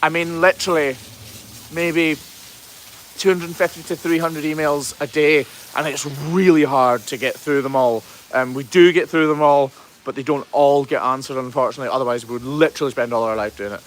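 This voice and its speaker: A man's voice: on the high side, steady tone, fairly quick, slight background noise. Chatty man reading out viewer comments. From Scotland. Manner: chatty, reads viewer comments aloud and answers them. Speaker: hoof trimmer hosting a livestream. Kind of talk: casual livestream chat, reading comments. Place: outdoors on a farm.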